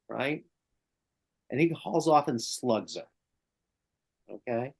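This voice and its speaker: A man's voice: medium pitch, expressive, slow, gravelly. An older male therapist telling a client story in conversation, often checking in with "right?" and "okay?".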